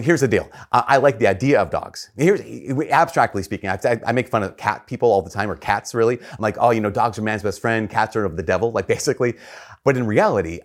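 A man, a priest, reading the gospel and then giving a chatty, self-deprecating homily in a church. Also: medium pitch. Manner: conversational, self-deprecating storytelling with restarts.

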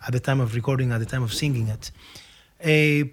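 A man from Cuba, a guest musician in a casual interview over a video call, telling animated stories with frequent restarts and acted-out dialogue. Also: mid-range voice, fairly quick, husky.

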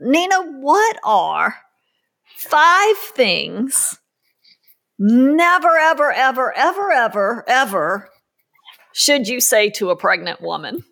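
A chatty woman host tells stories over casual podcast talk. Her fairly high voice carries a gravelly, creaky edge, and she slips into playful quotes. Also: very animated, takes it slowly, fairly bright tone. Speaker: podcast host and parenting author.

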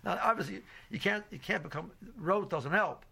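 A man teaches an informal Torah class in a somewhat raised voice with a rough, gravelly edge. He rambles through his points with constant "you know"s and restarts. He slips Hebrew and Yiddish terms into his English as he goes. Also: sits high, moderate pace, bright, forceful tone. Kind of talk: informal religious lecture.

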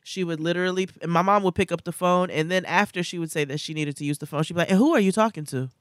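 A woman's voice: lowish voice, fairly even intonation, fast talker, clear, resonant tone, no echo, clean studio sound. A woman in her thirties, co-hosting a casual podcast chat, talking bluntly and joking with lots of laughter. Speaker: podcast co-host.

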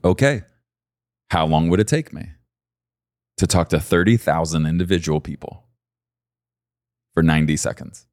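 Low-voiced preacher guy, dry close sound, gets real emphatic and pushy with his listeners. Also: moderate pace, pauses often, dry recording. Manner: emphatic, rises to high excited peaks when urging listeners. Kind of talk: sermon.

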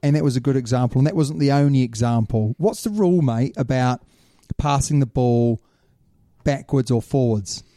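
A man's voice: medium pitch, normal speed, no echo, studio quality. A man hosting a rugby talk show in casual, opinionated chat, calling his co-host mate. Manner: animated, opinionated, says "mate".

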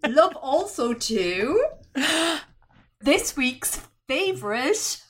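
A woman's voice: a little high, expressive, unhurried, a bit bright. A woman with an Australian accent hosting a podcast, chatting casually and gushing with enthusiasm. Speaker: podcast host. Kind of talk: casual chat.

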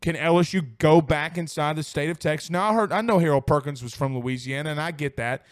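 A man's voice: fairly high pitch, brisk, no echo, clean studio sound. A man hosting a casual sports talk show from home, chatty and rambling, with many restarts and fillers. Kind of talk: casual live-stream chat.

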